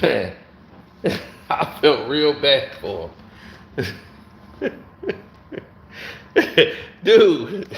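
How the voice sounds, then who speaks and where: A man casually telling stories to camera, animated, laughing often and acting out other people's lines. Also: on the high side, a little hiss or hum. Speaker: host. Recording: roomy echo.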